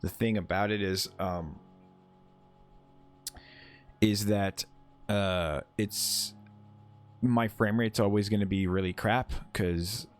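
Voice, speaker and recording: A man's voice: fairly low pitch, fairly even intonation, slow, long pauses, clean tone, faint music behind. A man livestreaming a survival game, rambling through his plans with fillers and restarts, greeting and teasing chat and swearing casually. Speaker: livestreaming gamer. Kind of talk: casual live game commentary.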